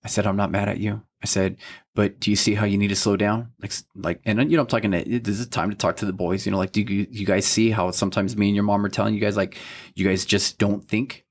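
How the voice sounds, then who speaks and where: Fast and level in tone, with a fairly low pitch, a thirtysomething faith podcast co-host tells a casual story about his son. He sounds earnest and parental, quotes what everyone said, and says "you know what I mean" over and over.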